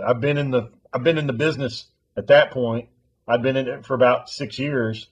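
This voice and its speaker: A man's voice: mid-range voice, fairly even intonation, moderate pace, husky, dull audio. A man telling a long story in casual chat, rambling and swearing freely.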